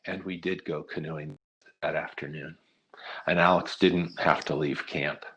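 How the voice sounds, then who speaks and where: A middle-aged man with a very low, deep voice gives an earnest talk as a nonprofit leader. He tells his story in a steady way and often drops in "uh" between phrases. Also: measured pace.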